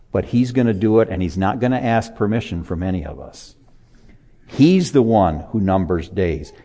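A man preaching a sermon to a live congregation in a church, animated and conversational, with chuckles and asides to listeners. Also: lowish voice.

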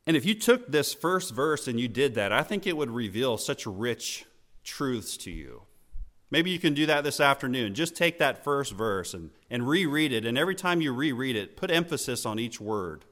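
A man's voice: medium pitch, big pitch swings, a bit bright. Earnest man preaching a sermon. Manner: slow emphatic phrasing with falling line endings.

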